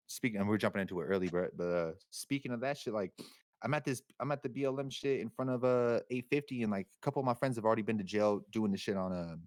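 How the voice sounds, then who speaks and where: A man's voice: on the low side, fast talker, a little mellow, no echo. A young man, talking casually as a podcast guest, rambling and slangy, with lots of swearing. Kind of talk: casual chat.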